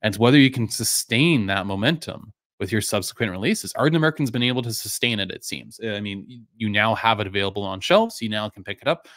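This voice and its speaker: A man hosting a live stream, chatting casually and answering viewers in a loose, rambling way with lots of fillers, his voice going a little hoarse. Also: on the low side, fast, few pauses, no echo, studio quality. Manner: relaxed, rambling, many fillers and restarts. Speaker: live-stream whisky reviewer, host.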